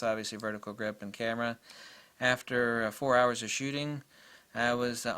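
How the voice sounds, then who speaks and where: A man's voice: fairly low pitch, a bit bright, clear, resonant tone. A man giving a rambling, enthusiastic camera review in a casual way, full of fillers and restarts.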